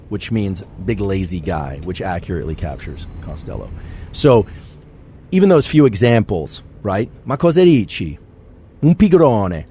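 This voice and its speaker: A male scientist giving a calm, measured science podcast lecture. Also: deep voice, slight background noise.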